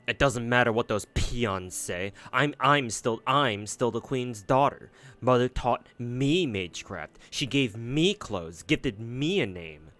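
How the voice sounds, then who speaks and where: A man's voice: mid-range voice, animated, takes it slowly, hardly any pauses, a bit bright, soft background music. A man voicing a spoiled, cruel young fairy princess who is insecure and pleading, reading aloud from a game. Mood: anxious.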